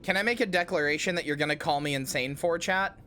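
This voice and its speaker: A man's voice: a little high, quick pace, pushed and bright. A game streamer doing casual livestream commentary, playful and rambling, often addressing his chat. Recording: faint music behind.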